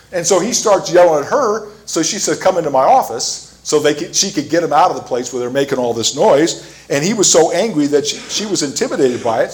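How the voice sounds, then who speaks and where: Guy preaching a sermon, mid pitch, tells stories w lots of uh's and restarts. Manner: storytelling with fillers and restarts, rising loud when retelling scenes. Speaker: pastor.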